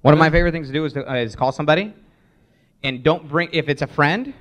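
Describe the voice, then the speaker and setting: A man presenting a live sales workshop, energetic, acting out sample voicemails as he teaches. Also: a little high, quick pace, dull audio.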